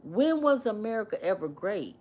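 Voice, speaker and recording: A woman chats live with her viewers, her pitch swinging widely as she repeats her questions. She talks in a casual, animated way and mimics what her commenters say. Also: normal speed. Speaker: livestream host. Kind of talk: casual livestream chat with commenters.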